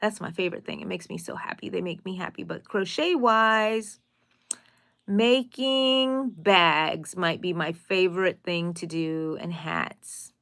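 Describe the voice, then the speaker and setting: A woman's voice: fairly low pitch, unhurried, fairly bright tone. A middle-aged woman chats casually through a live stream. She talks in a friendly, rambling way and reads out viewers' comments and answers them as she goes. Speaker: crochet channel host.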